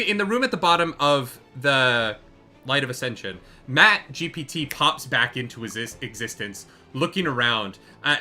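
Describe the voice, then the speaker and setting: A man narrating as game master in a live tabletop charity game, excitable and swearing freely. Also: medium pitch.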